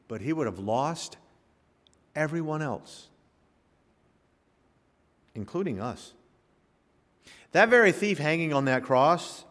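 A man's voice: on the high side, a bit bright. Man preaching in an echoing church. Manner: preaching with rising emphasis and dramatic pauses. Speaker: pastor. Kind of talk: sermon.

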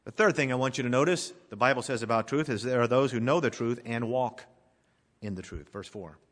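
A man preaching a sermon as pastor, emphatic, swelling loud then dropping to a hush. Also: mid-range voice, brisk, big-room sound.

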